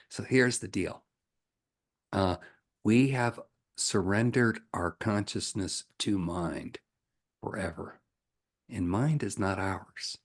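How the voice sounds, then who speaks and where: Gravelly, husky spiritual coach. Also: male voice, low-pitched. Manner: animated storytelling, laughs often. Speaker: ascension coach. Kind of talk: spiritual teaching Q&A.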